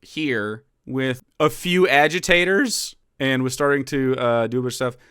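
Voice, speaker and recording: A man's voice: mid-range voice, unhurried, a bit bright, clear, resonant tone, dry recording, clean studio sound. Profane, sarcastic male streamer. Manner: profane, sarcastic, laughing often. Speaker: streamer and political commentator. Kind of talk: live reaction commentary.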